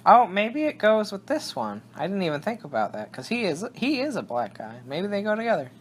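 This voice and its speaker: A man's voice: high-pitched, huge pitch swings, brisk. Rambling young man on a podcast. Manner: rambling, self-interrupting, laughs often. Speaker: podcast co-host. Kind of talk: casual chat.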